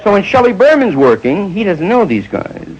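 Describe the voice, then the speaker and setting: A man doing stand-up storytelling, jumping into quick voices of the people in his stories. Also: high-pitched, big pitch swings, lo-fi sound, slight background noise. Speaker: stand-up comedian.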